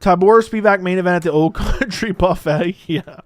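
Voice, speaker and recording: Guy doing a chill mma livestream, joking around w chat, kinda high smooth voice, dry close sound. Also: moderate pace, dry recording. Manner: joking, laughs often, playful teasing of chat. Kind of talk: casual livestream chat reading viewer comments.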